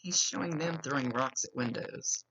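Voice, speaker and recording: A woman's voice: deep voice, moderate pace, a bit bright. A woman psychic medium with a slight lisp, giving an earnest, reassuring reading and repeating key phrases. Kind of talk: giving a spoken reading to a client. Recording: dull lo-fi recording.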